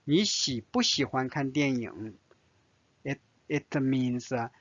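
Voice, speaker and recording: A man with a Chinese accent teaching Mandarin vocabulary and grammar, explaining slowly with small restarts. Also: mid-range voice, a bit bright, no echo, highs cut off. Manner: slow, careful, with restarts and fillers. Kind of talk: language lesson narration.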